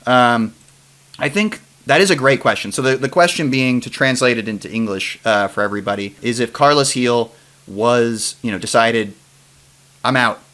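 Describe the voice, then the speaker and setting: A man's voice: medium pitch, moderate pace, fairly bright tone. A man hosting a casual sports podcast, rambling with restarts and trailing off as he reads listener questions. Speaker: podcast host. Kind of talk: casual chat.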